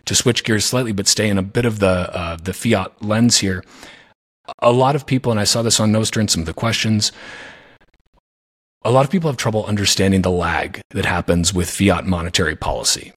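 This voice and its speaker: Male podcast host, low and husky, earnest and reflective, restarts often. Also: brisk, a bit bright. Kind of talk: casual podcast conversation.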